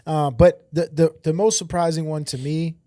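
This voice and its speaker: A man's voice: a little high, steady tone, normal speed, dark tone, no echo, studio quality. A man hosting a casual podcast chat about fights, laid-back, swearing and laughing freely. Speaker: podcast host and MMA coach.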